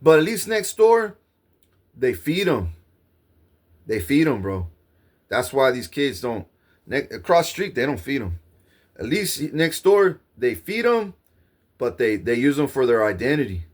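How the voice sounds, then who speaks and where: Here a vlogger talks to camera in a mid-range voice full of big pitch swings, taking his time and leaving long pauses. His rambling monologue is agitated and profane, looping over the same points while "bro" keeps cropping up.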